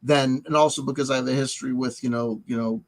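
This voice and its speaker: Rambling, halting man in middle age. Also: medium pitch, fairly even intonation, low-quality recording. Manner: halting, full of restarts and "you know". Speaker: vlogger. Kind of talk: rambling personal confession. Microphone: headset headphones.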